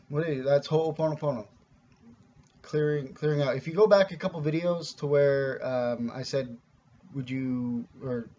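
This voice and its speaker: A man's voice: a little high, darkish tone, muffled recording, a little hiss or hum. A man giving a casual, rambling spiritual teaching, earnest and informal, with many restarts and the odd swear word.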